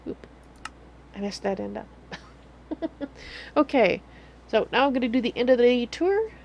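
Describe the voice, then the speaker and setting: A woman's voice: on the high side, expressive, unhurried, vocal fry, a little mellow, highs cut off, a little hiss or hum. A woman streaming a game live, chatting casually and rambling with self-corrections. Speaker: livestreamer. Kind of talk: casual livestream commentary.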